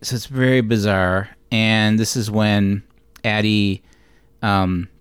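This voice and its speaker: A man co-hosting a podcast, walking through a movie's plot in a loose, chatty way, stopping for side notes. His voice sits a little low and sounds smooth and resonant. The recording is dry and close, with no room around it. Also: takes it slowly, no echo. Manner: relaxed, recaps plot with fillers and side notes. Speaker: podcast co-host. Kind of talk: casual movie recap chat.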